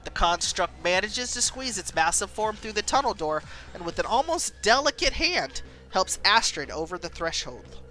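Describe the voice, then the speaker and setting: A woman streamer reading a story game aloud, animated and quick. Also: mid-range voice, faint music behind, low-quality recording.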